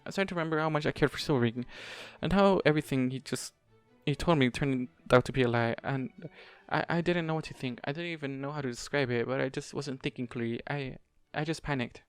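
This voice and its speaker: A man reading a fan fiction audiobook, voicing an anxious, tender female pony who talks in a hesitant, earnest, halting way. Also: mid-range voice, smooth, no echo, soft background music, close to an everyday voice. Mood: distressed.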